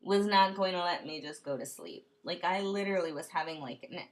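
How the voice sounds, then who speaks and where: A woman's voice: fairly low pitch, a little fast, faint music behind. A woman vlogging from her room at home in a casual late-night monologue, rambling and self-questioning, with frequent laughs. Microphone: computer webcam.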